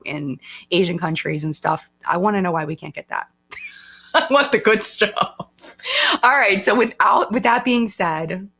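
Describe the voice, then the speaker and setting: A woman with a fairly low, vocal-fry voice hosts a casual live-stream chat. She's chatty and excitable, laughing a lot and using frequent fillers.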